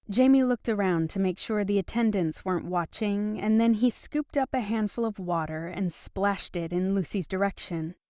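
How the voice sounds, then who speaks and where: A woman narrating a romance audiobook in an even, steady storytelling manner. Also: medium pitch, no room sound, studio quality. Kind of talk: scripted narration.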